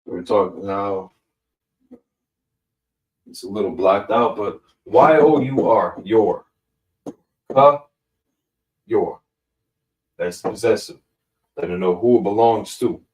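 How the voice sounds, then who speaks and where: Casually explaining grammar, a male Hebrew language teacher thinks aloud at a slow pace, full of fillers and self-corrections. His lowish voice is a little mellow with fairly even intonation, captured at a distance in an echoey room.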